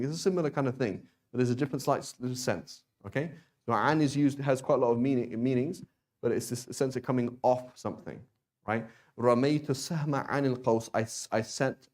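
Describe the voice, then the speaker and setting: A man's voice: mid-range voice, fast talker, a little mellow. A man teaching, full of "right?" checks. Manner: explains with many restarts and "right?" checks. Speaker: Arabic teacher. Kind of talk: classroom lesson.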